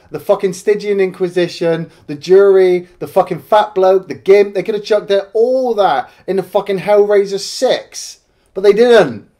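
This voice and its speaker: A man with a high-pitched voice and dark tone co-hosts a casual film review at normal speed. He rants in exasperation, swearing constantly.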